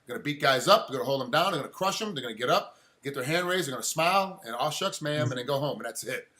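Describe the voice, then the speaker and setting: A man interviewing a fighter in a casual sports chat, animated and acting out quotes as he talks. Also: mid-range voice, racing.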